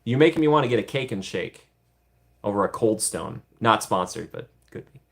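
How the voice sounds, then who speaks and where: A man's voice: lowish voice, lively intonation, normal speed, creaky. A man casually chatting on a livestream, answering viewer comments in a playful way and giggling often. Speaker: streamer answering live chat.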